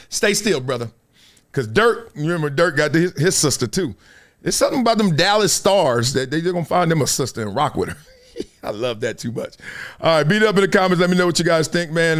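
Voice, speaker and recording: An animated man hosting a casual sports livestream, his voice bouncing between high and low tones. He sits a little higher than most men and laughs often as he riffs. His delivery is loose and playful. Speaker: host.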